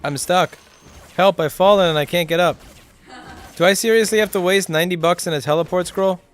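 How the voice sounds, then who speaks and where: A man's voice: high-pitched, fairly quick. A man casually commenting live on his video game, swearing often, ranting in frustration and answering his chat. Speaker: livestreamer playing a video game. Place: at a computer while streaming.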